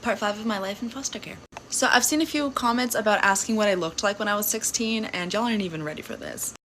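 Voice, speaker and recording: A woman's voice: mid-range voice, quick pace, a bit bright, a little hiss or hum, low-quality recording. A woman in her twenties telling her own story in a casual vlog, sassy and blunt, swearing freely. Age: 20s.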